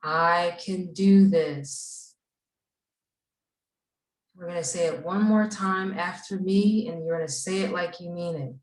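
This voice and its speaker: A woman leading a gentle guided breathing and mindfulness exercise for a group of children at a camp. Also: on the low side. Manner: slow, gentle, soothing guidance. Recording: echoey room, voice from far off.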